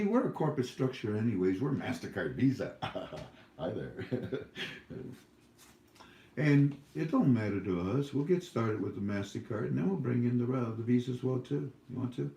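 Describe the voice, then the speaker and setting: A man's voice: medium pitch, mellow, roomy sound. A man hosting a casual livestream Q&A, rambling and joking with frequent laughs. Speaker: livestream host.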